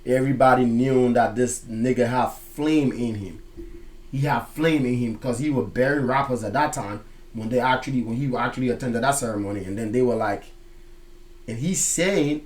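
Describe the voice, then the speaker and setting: A man hosting a music reaction, explaining lyrics line by line in casual, slangy talk with loud excited outbursts. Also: mid-range voice, moderate pace.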